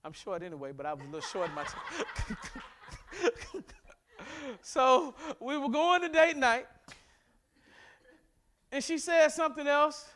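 Man, pastor, sermon, high voice, animated, joking, church. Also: takes it slowly, long pauses, slight background noise. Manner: animated preaching with humor and rising emphasis. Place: church sanctuary.

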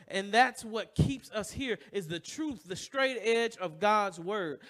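A man's voice: high-pitched, sharp tone. A man preaching a sermon, asking the congregation to finish his sentences and building with emotion. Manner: call-and-response questions to the congregation; preaching with rising emotion and repetition. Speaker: pastor.

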